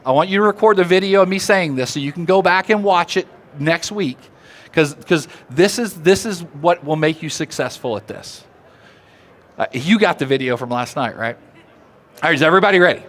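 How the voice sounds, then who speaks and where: A man giving a live seminar talk, animated and drawing the audience in with questions. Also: fairly high pitch, fairly quick. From Oklahoma. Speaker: seminar speaker. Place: seminar room.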